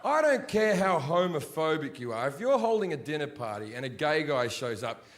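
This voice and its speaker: A man performing a stand-up routine, crude and swearing, mimicking the people in his stories and swinging from low mutters to shouts. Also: sing-song, moderate pace. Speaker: stand-up comedian. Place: comedy stage before an audience.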